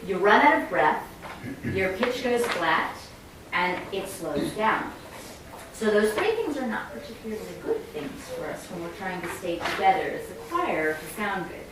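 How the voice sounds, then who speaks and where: A woman's voice: medium pitch, very animated, normal speed, background noise. A woman choir director explaining rhythm and breathing to singers and singing example phrases. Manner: explains and sings demonstration phrases. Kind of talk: choir rehearsal instruction. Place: rehearsal room. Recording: echoey room from far off, faint ambience.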